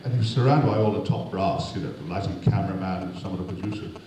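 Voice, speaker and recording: A man's voice: low voice, quick pace. A man, an actor, telling a rambling, self-deprecating comic anecdote to an audience. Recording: echoey hall, distant mic, noisy.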